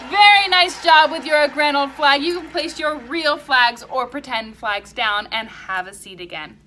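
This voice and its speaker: A woman teaching a music lesson to young children, leading them in chants and songs with plenty of encouragement. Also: high voice. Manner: warm encouraging, slow and clear, sings and chants along.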